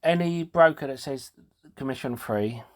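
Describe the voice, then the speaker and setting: A man hosting a casual talk show, explaining things in a halting way with fillers and restarts, and sounding out of breath. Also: mid-range voice. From United Kingdom. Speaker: host.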